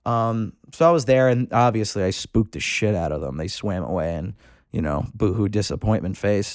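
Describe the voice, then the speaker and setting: A man's voice: fairly low pitch, normal speed, no room sound, studio quality. A man who is a fishing club member, a podcast guest telling a rambling, profane anecdote with frequent restarts. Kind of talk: casual storytelling.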